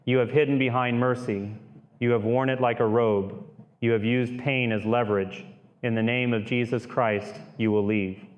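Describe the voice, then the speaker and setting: A man voicing a calm middle-aged priest who speaks gently and steadily. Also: mid-range voice, moderate pace, big-room sound, dull audio, close to an everyday voice. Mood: firm.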